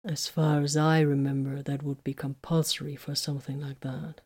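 Woman doing a calm guy commander from a sci-fi audiobook, quiet and dry, low voice. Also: moderate pace, slightly rough. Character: deep-voiced calm male space marine commander.

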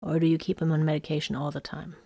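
Woman reading as inquisitive male medic, low voice, gentle but pushy questions. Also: little pitch movement, fast, vocal fry, breathy edge, no room sound, studio quality, full character voice. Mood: probing. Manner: soft-spoken yet pressing questions. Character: probing, insistent male visiting medic.

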